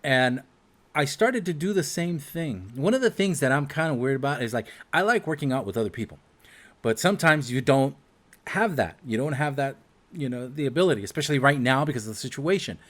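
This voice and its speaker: A man's voice: mid-range voice, animated, fairly quick. A man hosting a casual chat, talking in a chatty way with many fillers. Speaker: host.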